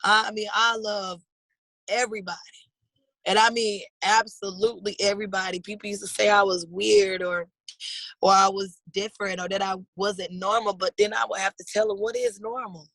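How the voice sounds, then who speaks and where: A woman's voice: medium pitch, level tone, normal speed, fairly bright tone, no echo, rough recording. A woman in her thirties speaking in a heartfelt, earnest way in a personal interview, often calling people "baby". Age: 30s.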